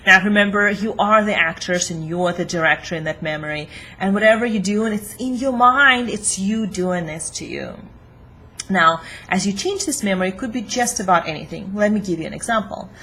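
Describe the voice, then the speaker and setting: A woman's voice: mid-range voice, moderate pace, bright, forceful tone. A woman working as a relationship coach, leading a guided self-help lesson in an encouraging, coaching way, with fillers.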